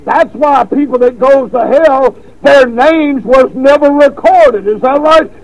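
A man preaching a revival sermon, telling a folksy story with repeated words, then stressing points with slow emphasis. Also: very high-pitched, poor audio.

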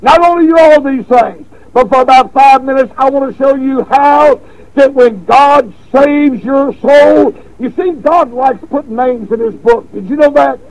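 In poor audio, a man with an extremely high, creaky, darkish voice preaches a revival sermon. He tells a folksy story with repeated words, then stresses his points with slow emphasis.

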